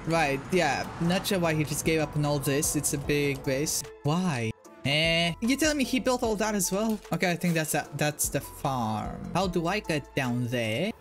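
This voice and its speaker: A Minecraft video creator narrates his building game playfully and excitably, thinking aloud at a moderate pace in a slightly high voice. He keeps slipping into goofy beeps and little sound effects while faint music plays softly behind him.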